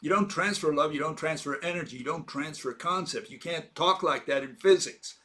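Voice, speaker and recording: A man talks through an informal physics argument in a slightly higher voice. He is emphatic and argumentative, leaning on rhetorical questions and filler words as he builds his point. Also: a little fast, pushed and bright. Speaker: lecturer. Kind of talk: informal explanatory monologue.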